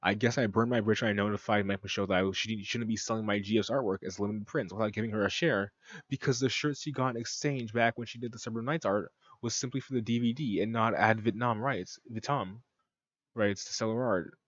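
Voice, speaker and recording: A man's voice: fairly low pitch, fairly even intonation, brisk, dry recording, muffled recording. A man reading a document aloud and reacting with profane, mocking asides in casual commentary.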